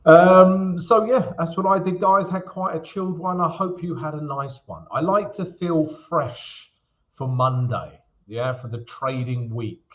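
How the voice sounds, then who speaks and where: A man's voice: fairly high pitch, unhurried, a bit bright, muffled recording. A man from England hosting a live stream, chatting casually with viewers and calling them guys and mate. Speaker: host. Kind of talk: live trading stream chat.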